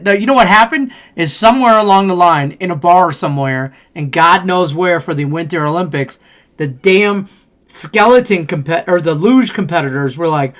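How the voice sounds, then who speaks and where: A man co-hosting a casual sports betting podcast, rambling and profane as he tells animated stories. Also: high voice, normal speed. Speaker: podcast co-host.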